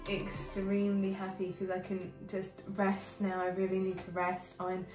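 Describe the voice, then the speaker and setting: A woman's voice: medium pitch, monotone, normal speed, a little mellow. Earnest woman in her thirties. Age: 30s. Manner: earnest, thoughtful, with frequent fillers. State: heavily pregnant. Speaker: co-host of a couple's channel. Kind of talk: casual chat. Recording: roomy, distant mic, clear music behind.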